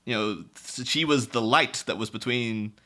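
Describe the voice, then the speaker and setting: A man co-hosting a casual film podcast, chatty and quick to laugh. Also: medium pitch, sharp tone. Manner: chatty, laughs often, puts on voices for quotes. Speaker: podcast co-host.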